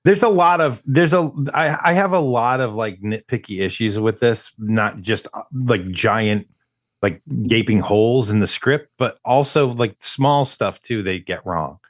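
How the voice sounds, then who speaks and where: A man's voice: fairly low pitch, unhurried, dry recording, studio quality. A man co-hosting a movie podcast, talking casually with lots of stammering restarts as he picks apart a film. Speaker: podcast co-host. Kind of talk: casual movie review chat.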